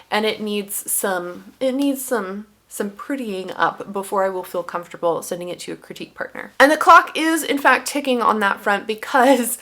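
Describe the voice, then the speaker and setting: A woman's voice: mid-range voice, a bit bright. A woman talks casually to camera at home, rambling through her writing progress with lots of fillers. Her delivery is loose, chatty and unscripted. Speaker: writing vlogger. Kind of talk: casual vlog chat. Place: at home, indoors. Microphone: headphones on, desk setup.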